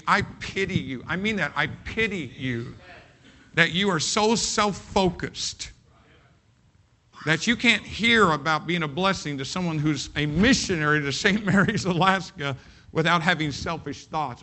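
Emphatic bright-voiced male pastor. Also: fairly high pitch, moderate pace. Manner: emphatic, folksy, repeats phrases. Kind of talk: sermon.

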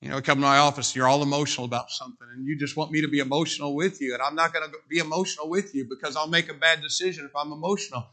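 A middle-aged man preaching a sermon as a pastor in a church, emphatic and repeating phrases with dramatic pauses. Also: fairly high pitch, fairly even intonation, pushed and bright. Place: church sanctuary.

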